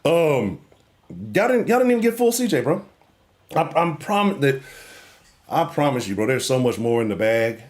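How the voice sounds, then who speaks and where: A man hosting a live sports talk show, ranting in a profane, animated way and swinging between loud outbursts and low mutters. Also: normal speed, long pauses. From Houston.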